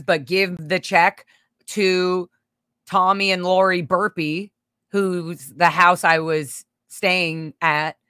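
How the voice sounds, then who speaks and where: A woman host in easy, casual conversation, with a bright, forceful voice pitched a little low for a woman. She talks animatedly in rushed bursts, restarting her sentences and swearing freely. The recording is dry, with almost no room sound. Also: no room sound. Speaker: podcast host.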